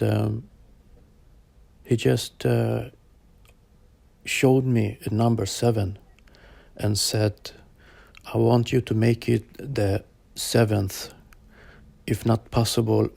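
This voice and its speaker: Slow, gravelly man recounting a vision. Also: fairly low pitch, warm tone, dry recording. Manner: slow, halting, searching for words. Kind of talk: personal account told to interviewer.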